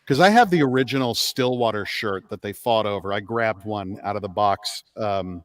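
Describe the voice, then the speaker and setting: A middle-aged man, a guest on a chat stream, telling animated anecdotes with casual swearing. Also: lowish voice, moderate pace, dry recording, clean studio sound.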